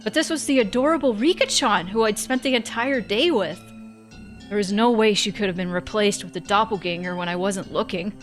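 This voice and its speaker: A woman's voice: mid-range voice, brisk, faint music behind. A woman streamer narrating a visual novel in first person, reading expressively and breaking off for joking asides.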